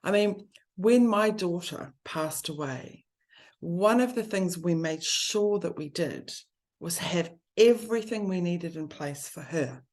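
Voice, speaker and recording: Woman, lower voice, heartfelt candid talk, quickens when listing. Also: lively intonation, a little mellow. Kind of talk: candid conversation about grief.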